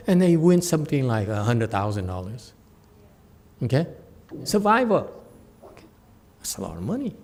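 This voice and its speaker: A man's voice: high-pitched, normal speed, pauses often. A man giving a Buddhist dharma talk as a meditation teacher, telling a story with laughs and acted voices. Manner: animated storyteller, laughs often, acts out the voices.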